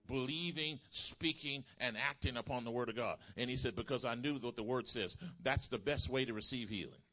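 A man speaks fairly quickly at medium pitch during a sermon. His retelling of a healing testimony builds until he's loudly and emphatically calling out to the congregation.

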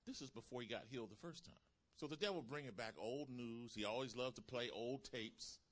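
A male preacher delivering a sermon in a bright, forceful voice. He drives his points home with emphatic calls to the congregation, his voice sitting at a middling pitch for a man. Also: a little fast.

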